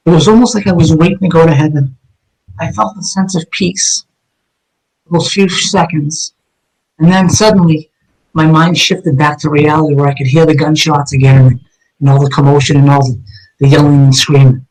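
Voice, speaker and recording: Middle-aged ex-cop guest, blunt intense storyteller, slightly higher voice. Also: male voice, steady tone, normal speed, darkish tone, poor audio. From Massachusetts, USA. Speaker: guest, retired police detective. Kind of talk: personal story told in an interview.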